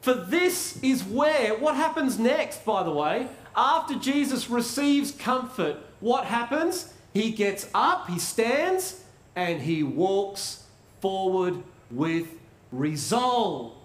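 Lively, high-voiced male preacher. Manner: conversational, rhetorical questions, dramatic pauses. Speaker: pastor. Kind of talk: sermon. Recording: roomy echo.

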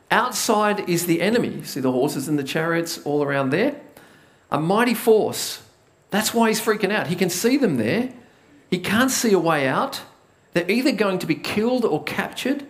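Animated storytelling preacher, slightly high voice. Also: male voice. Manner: lively storytelling, acts out the biblical characters' panic; talks directly to the congregation with questions. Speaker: pastor. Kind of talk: conversational sermon with Bible reading.

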